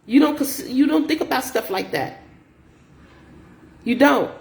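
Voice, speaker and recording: A woman's voice: high-pitched, unhurried, vocal fry, roomy sound. A middle-aged woman, a grocery delivery shopper telling stories in a casual vlog, repeating herself as she vents about rude customers. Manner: animated, repetitive, exasperated retelling.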